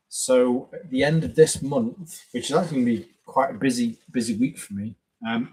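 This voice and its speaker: Husky, rambling live stream host. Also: male voice, medium pitch, poor audio. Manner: rambling, greets viewers by name. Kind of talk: casual live stream chat.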